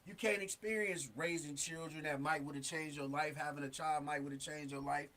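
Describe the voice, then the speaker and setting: As a talk show host, a man gives a casual but earnest monologue in a high voice, driving his points home hard with street slang and a frequent "you know what I'm saying." His tone is steady and sharp, and his pace is normal.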